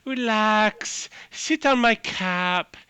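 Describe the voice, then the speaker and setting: Dude doing a high sugary mushroom lady, slow and coaxing, super bright. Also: clear, resonant tone, no echo, full character voice. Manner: soft, coaxing, drawn-out. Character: sweet-talking female mushroom, sultry and coaxing.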